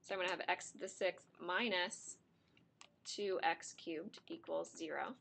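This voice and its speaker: A woman's voice: on the low side, fairly even intonation, unhurried, creaky, fairly bright tone, slight background noise. A woman teaching a math class, explaining steps to her students while she is losing her voice and it keeps cracking. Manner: talks through steps at the board, chatty with students.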